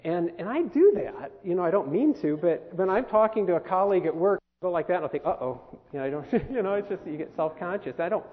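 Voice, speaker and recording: A man's voice: high voice, expressive, fast talker, hardly any pauses. A man presenting a workshop on communication to a camp group, talking conversationally and asking the group questions. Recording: phone-quality recording in a reverberant hall.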